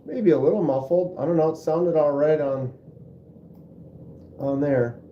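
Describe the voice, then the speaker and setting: Somewhat high-pitched and a little slow, this man's voice comes with a bit of hiss or hum. He's a knife channel host on a casual live stream, rambling in a laid-back way with many fillers. Recorded on a phone mic, the sound is muffled and roomy.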